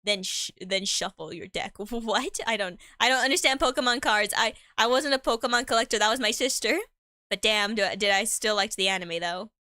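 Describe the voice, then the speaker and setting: A woman's voice: fairly high pitch, brisk, bright, forceful tone, no echo, clean studio sound. A woman chatting casually on a live stream, rambling in slang and laughing often.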